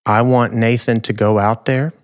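A man quoting his frail elderly grandmother, gentle but stubborn, in a soft, plain voice close to his own. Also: medium pitch, steady tone, moderate pace, dry recording, close to an everyday voice. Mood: firm.

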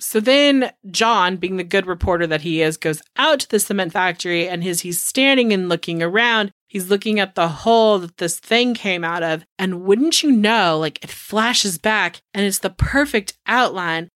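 A woman's voice: medium pitch, lively intonation, normal speed, few pauses, a bit bright, no room sound, clean studio sound. Woman casually swearing through a film recap. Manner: loose, profane retelling full of "like". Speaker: podcast co-host.

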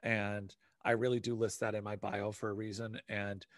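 A man talking in a rambling, animated casual chat and swearing now and then. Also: fairly low pitch, normal speed, no room sound, studio quality.

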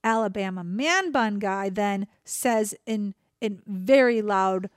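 A woman co-hosting a podcast, telling a story in an excitable, chatty way. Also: mid-range voice, slow pace, dry recording, clean studio sound. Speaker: podcast co-host. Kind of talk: casual storytelling chat.

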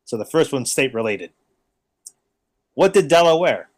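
Male guest, teacher, mid-pitched, swears freely, loves bad puns. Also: measured pace. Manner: animated storyteller, swears casually, loves puns. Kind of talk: casual podcast chat.

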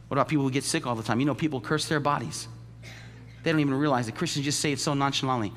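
A male pastor preaching a sermon. He swings from loud, high outbursts to hushed, low storytelling. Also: very fast, slight background noise. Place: church sanctuary. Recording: long church-hall reverb.

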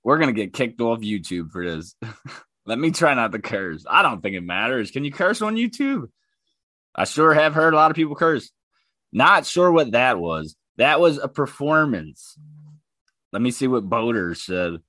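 Guy ranting on his podcast, cussing, mocking, bright voice, super dry sound. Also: mid-range voice, very animated, moderate pace, no echo. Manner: heated, profane, mocking. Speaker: podcast host. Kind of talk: casual ranting commentary.

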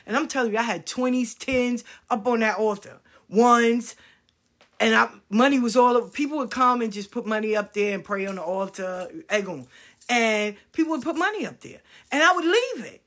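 A woman in her fifties, a spiritual practitioner, telling a story in casual, profane, animated talk and acting out what others said. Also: a little high, moderate pace. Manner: animated, profane, acts out quotes.

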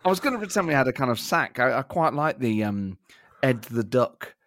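A man's voice: medium pitch, big pitch swings, a little fast, a bit bright. A man from Nottingham, England, co-hosting a podcast in a casual chat and telling a self-mocking story. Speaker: podcast co-host.

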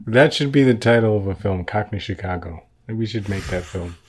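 A man with a fairly low voice talks casually about a film with a friend. He is easygoing and agreeable and laughs often. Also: a little fast, slightly rough. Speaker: co-host. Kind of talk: casual film breakdown chat.

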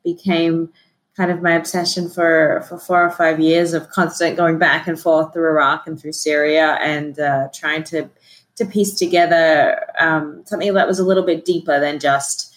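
A woman's voice: sits low, moderate pace. A woman in her thirties with an Australian accent, talking casually as a guest journalist on an interview podcast. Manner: relaxed and chatty, laughs easily.

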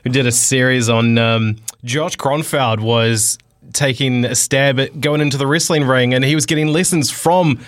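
A man's voice: mid-range voice, steady tone, moderate pace, no echo, clean studio sound. A man co-hosting a sports radio show, chatting with easy enthusiasm. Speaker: radio co-host. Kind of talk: casual sports radio chat.

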